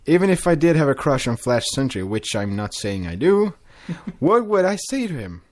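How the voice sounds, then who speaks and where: A man's voice: mid-range voice, sing-song, normal speed, pitched above the performer's own voice, close to an everyday voice. A man reading aloud and voicing a young, bookish female pony princess who turns bashful and defensive. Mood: flustered.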